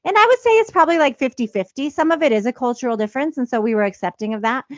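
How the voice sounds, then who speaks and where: A woman's voice: sits high, animated, rapid-fire, no echo, highs cut off. A woman in her thirties, talking in a casual, confessional podcast chat. She speaks with feeling and uses many fillers. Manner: emotional, confessional, many fillers like "you know". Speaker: podcast co-host.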